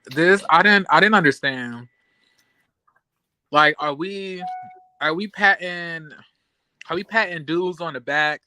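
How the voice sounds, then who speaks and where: A man's voice: a little high, slow, pauses often, bright, forceful tone, a little hiss or hum. A man in casual reality TV recap chat, blunt and profane, acting out scenes as he rants. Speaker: co-host.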